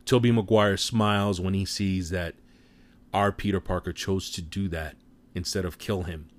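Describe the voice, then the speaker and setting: A man casually retelling a movie plot in an animated way, with offhand swearing. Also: deep voice, normal speed. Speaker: film recap commentator.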